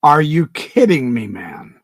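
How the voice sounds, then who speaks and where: Speaking slowly in a sing-song voice on the high side, a man reacts on his own channel with indignation and emphasis. His sentence openings frequently come out as stammering restarts, with no echo in the recording.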